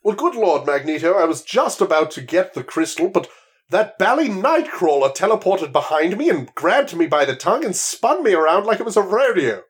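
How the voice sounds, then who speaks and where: A man's voice: high-pitched, sing-song, moderate pace, breathy edge, pitched above the performer's own voice, heavily acted. A man voicing a prim, overly polite, upper-class English mutant with toad-like traits. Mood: flustered.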